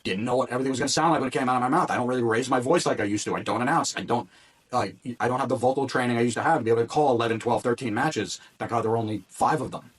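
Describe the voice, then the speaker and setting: A man who works as a wrestling ring announcer, a guest on an interview podcast, telling stories in a casual, animated way, acting out quotes and restarting often. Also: mid-range voice, husky, distant mic. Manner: animated storytelling with quick restarts and acted-out quotes.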